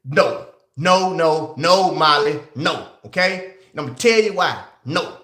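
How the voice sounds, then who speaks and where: A male livestream host who talks straight to his chat in an excitable, casual way. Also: on the high side, unhurried, reverberant.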